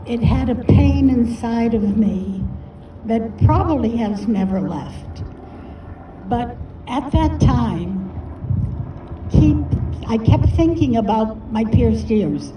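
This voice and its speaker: An older woman telling a personal story at a storytelling festival, earnest and encouraging. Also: on the high side. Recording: distant, echoey, dull with faint noise.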